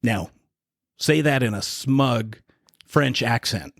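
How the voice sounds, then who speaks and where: A man co-hosting a podcast, casually retelling a dark historical story in a relaxed, conversational way. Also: mid-range voice, slow, gravelly, dry recording, clean studio sound. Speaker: podcast co-host.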